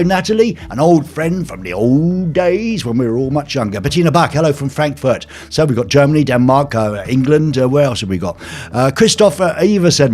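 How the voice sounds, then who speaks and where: A man hosting a live stream from his home flat, chatting casually with viewers in a jokey, rambling way full of fillers. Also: medium pitch. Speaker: live show host.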